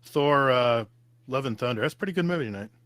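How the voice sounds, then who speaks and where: A man guesting on a casual gaming podcast, telling stories in an animated way and acting out what people said. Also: mid-range voice, fast talker, no room sound. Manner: animated storyteller, acts out quotes.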